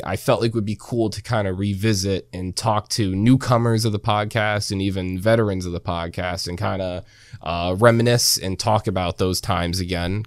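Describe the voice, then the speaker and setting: A young man hosting a casual podcast, relaxed and full of fillers, laughing often. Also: low voice, no echo, clean studio sound. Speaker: podcast host.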